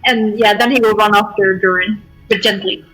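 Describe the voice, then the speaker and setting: A woman's voice: mid-range voice, steady tone, moderate pace, fairly bright tone, faint music behind, rough recording. A woman playing a tabletop game, hesitantly describing what her character does. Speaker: player.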